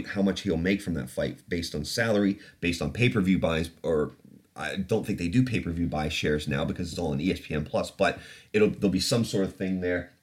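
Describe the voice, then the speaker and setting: Male podcast host with a very low voice, loose, chatty, laughs a lot. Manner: swears casually. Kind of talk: casual podcast chat.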